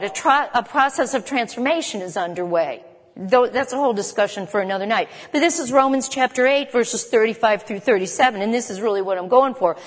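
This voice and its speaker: Woman preacher, fairly high voice, asks the room questions, sermon recorded with long hall reverb. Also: a little fast. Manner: conversational, emphatic, asks the listeners questions. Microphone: camera.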